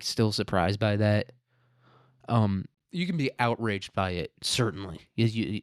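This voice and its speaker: A man's voice: mid-range voice, darkish tone, clear, resonant tone, no room sound, studio quality. A man hosting a casual current-events commentary show, rambling and joking with plenty of profanity. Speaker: show host. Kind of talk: casual political commentary podcast.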